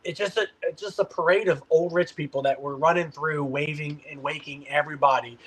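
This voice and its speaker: A man as a podcast guest, telling a fishing story in an animated, rambling way. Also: fairly high pitch, brisk, slight background noise, rough recording. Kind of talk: casual podcast chat.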